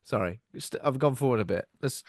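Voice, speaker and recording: Animated, sweary man on a podcast. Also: medium pitch, brisk, dry recording, clean studio sound. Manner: animated, swearing, mock impressions. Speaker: podcast co-host. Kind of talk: casual film discussion.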